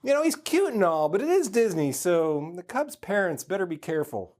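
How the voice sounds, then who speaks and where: A man hosting an entertainment news segment, reading quick items and adding deadpan, punny asides. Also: sits high. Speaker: host. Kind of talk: news segment with corny jokes.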